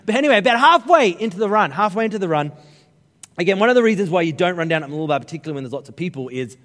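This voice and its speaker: A middle-aged Australian man preaching a sermon, telling funny stories with lively, joking asides to the congregation. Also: sits high, racing. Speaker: pastor. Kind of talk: humorous storytelling sermon. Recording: long reverb of a large hall.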